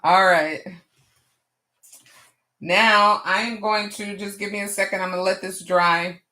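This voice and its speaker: A woman hosts a crafting livestream, her medium-pitched voice steady, a bit slow, pushed, and bright. She keeps it casual with viewers, responding to chat, laughing frequently at her own expense, and saying "y'all" in a Southern way.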